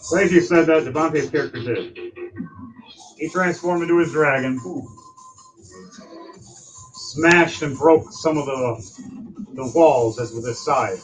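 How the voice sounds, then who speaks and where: A man's voice: on the high side, measured pace, pauses often, poor audio. A man acting as game master, describing scenes step by step and calling on players in turn. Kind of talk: narrating a tabletop game. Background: music.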